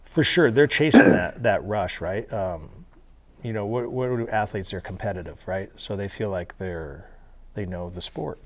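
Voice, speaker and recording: A man being interviewed, telling animated stories with casual swearing and laughter. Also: lowish voice, moderate pace. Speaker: interview guest. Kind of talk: storytelling interview. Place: federal halfway house.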